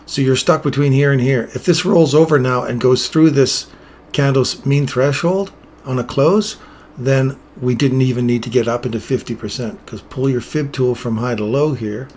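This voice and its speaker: A man's voice: medium pitch, moderate pace, a little mellow, slight background noise. A man explaining chart setups in casual live trading commentary, chatting with viewers as he goes. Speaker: trading streamer.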